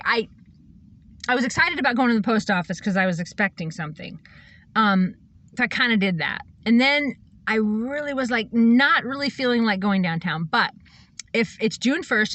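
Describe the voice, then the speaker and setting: A woman's voice: mid-range voice, a bit bright, slight background noise. A woman who calls herself a psychic, delivering a blunt, profanity-filled rambling monologue. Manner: blunt, profane, emphatic ranting. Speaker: self-described psychic and reverend.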